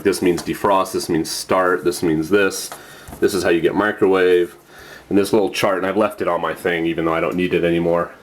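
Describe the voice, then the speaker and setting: A man's voice: low voice, a little hiss or hum. A man casually explaining each step as he cooks dinner in a small apartment kitchen for a vlog. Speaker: vlogger.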